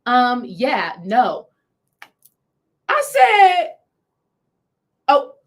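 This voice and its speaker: A woman coaching on spiritual healing, telling a story on a livestream, talking straight to her viewers and repeating phrases for emphasis. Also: medium pitch. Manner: animated, repeats phrases, talks to viewers directly.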